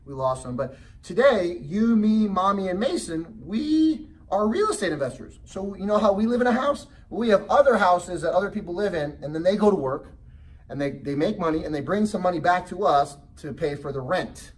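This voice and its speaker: A man's voice: lively intonation, normal speed. A middle-aged man giving a motivational real estate seminar talk, telling a family story and asking the audience questions. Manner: acts out child's voice in high pitch. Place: presentation room. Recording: distant mic with faint background noise.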